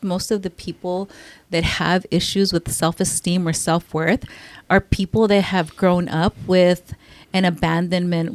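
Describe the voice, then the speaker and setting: A woman's voice: fairly low pitch, no room sound. A woman chatting casually as a podcast co-host, speaking in a reflective, earnest way. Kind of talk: casual chat.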